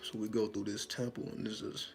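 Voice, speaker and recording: A man recounts a dream in a loose, animated monologue, cursing freely and jumping into his own frightened voice. His tone is gravelly and rough, with soft music running faintly behind him. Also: fairly low pitch, a little fast. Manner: animated, profane, acts out his own panicked lines. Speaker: spiritual storyteller. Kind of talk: casual dream storytelling monologue.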